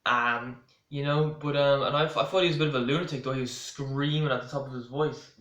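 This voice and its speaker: A man's voice: medium pitch, steady tone, fairly quick, fairly bright tone. Rambling Irish man in a roomy echo. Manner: rambling, full of restarts and asides. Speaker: vlogger. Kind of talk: casual storytelling to camera.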